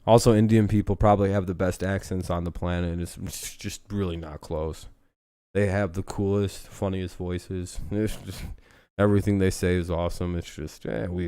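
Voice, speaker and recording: A man's voice: low voice, dark tone, smooth, no echo, studio quality. A man hosting a casual live football news stream, joking and rambling with plenty of swearing.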